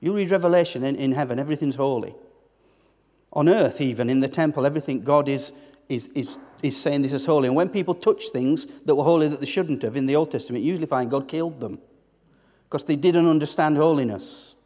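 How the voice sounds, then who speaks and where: Pastor preaching in a reverberant hall. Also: male voice, a little high, fast, warm tone. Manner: emphatic preaching with rhetorical questions and repeated words. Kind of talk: sermon. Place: church hall. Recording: long church-hall reverb.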